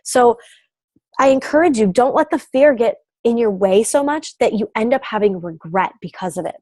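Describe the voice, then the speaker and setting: A woman's voice: a little high, dark tone, no echo. A young adult woman coach giving an upbeat, emphatic motivational talk. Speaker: business coach.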